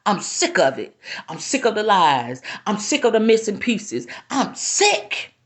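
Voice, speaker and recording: A woman, speaking with emphatic, preacherly passion to viewers on a live stream. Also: medium pitch. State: near tears at times. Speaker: spiritual teacher hosting a live stream. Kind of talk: impassioned live-stream monologue. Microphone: phone or webcam.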